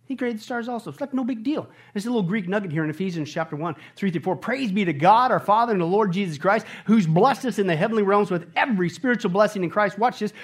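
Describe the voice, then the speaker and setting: High voiced guy preaching, pitch jumping all over, gets loud and shouty. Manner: animated preaching, shouting on high points, laughs. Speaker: pastor. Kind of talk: sermon.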